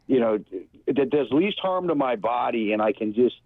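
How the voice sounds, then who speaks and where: A man's voice: medium pitch, lively intonation, moderate pace, no room sound. Male caller, loose and rambling after many beers, phone-line sound. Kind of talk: casual phone-in beer review.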